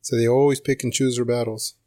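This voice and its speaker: A man co-hosting a podcast chats in an easygoing, agreeable way, sprinkling in dude and bro. His voice sits at a mid pitch, recorded dry and close. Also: little pitch movement, fast, darkish tone, dry recording. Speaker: podcast co-host. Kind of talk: casual chat.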